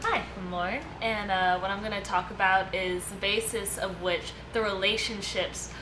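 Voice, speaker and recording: A woman's voice: mid-range voice, normal speed. A woman co-hosting a casual podcast discussion, presenting her segment in a loose, chatty way with lots of fillers and easy laughter. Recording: echoey room with steady background noise.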